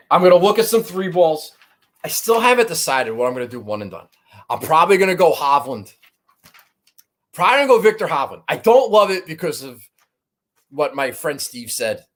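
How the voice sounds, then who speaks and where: High-voiced profane golf-picks man. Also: a bit bright. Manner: profane, rambling, self-mocking. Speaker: golf betting podcast host. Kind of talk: casual chat.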